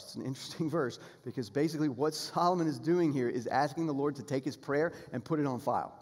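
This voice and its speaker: A pastor preaching a sermon, earnest and emphatic, building toward appeals and repeating key phrases. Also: male voice, medium pitch, fast talker, few pauses, darkish tone. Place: church sanctuary. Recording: long hall reverb in a church sanctuary.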